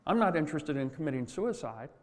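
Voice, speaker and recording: Older man putting on a sly male scorpion, courteous, coaxing, a touch higher, long hall echo. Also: big pitch swings, fast. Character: smooth-talking polite male scorpion, sly.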